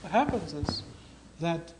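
A man delivering a storytelling sermon, animated and acting out the voices in his story. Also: fairly high pitch, takes it slowly, noisy background. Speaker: preacher.

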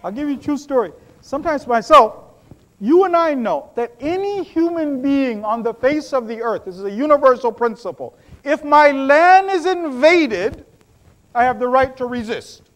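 A man preaching a sermon, telling stories with animated swings between loud bursts and low hushed asides. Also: normal speed.

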